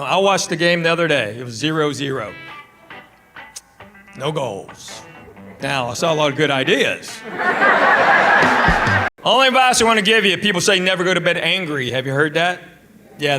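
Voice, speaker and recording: A middle-aged man with a Southern American accent, telling stand-up comedy stories in a drawling, conversational way and bantering with the crowd. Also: a little high. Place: comedy stage before a live audience. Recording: live stage recording with loud crowd laughter and noise.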